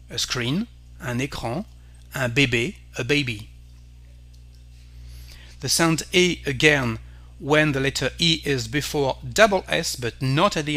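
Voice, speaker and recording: A man with a French accent, a native French speaker, teaching pronunciation carefully and repeating each word slowly. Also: medium pitch, pushed and bright. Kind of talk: slow pronunciation lesson.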